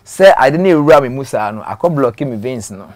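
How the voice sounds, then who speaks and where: A man with a Ghanaian accent telling his story in an interview, dropping to quiet trailing phrases and slipping in English words. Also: medium pitch, lively intonation, fairly quick. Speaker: interview guest.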